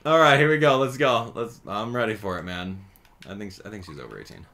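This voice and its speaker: Gaming host, male, low voice that swings up and down a lot, chatty play-by-play. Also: brisk. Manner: chatty, excitable, thinks aloud. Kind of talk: casual gameplay commentary.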